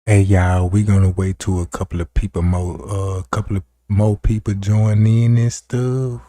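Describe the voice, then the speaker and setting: Low, mellow-voiced hyped livestream man. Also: level tone, moderate pace, dry recording, clean studio sound. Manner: hyped, chatty, addresses viewers directly. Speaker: livestream host. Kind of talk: casual livestream commentary.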